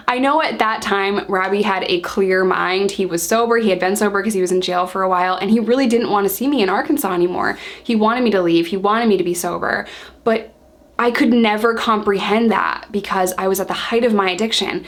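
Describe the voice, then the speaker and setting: A young woman telling her own story to camera in casual talk, animated and acting out what she once said. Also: medium pitch, fairly quick. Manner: animated, acts out her own past lines.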